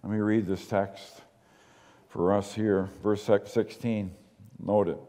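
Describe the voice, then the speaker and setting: A man preaching a sermon as pastor, moving between quiet asides and emphatic, slowed readings of scripture. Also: on the low side, steady tone, in a large hall.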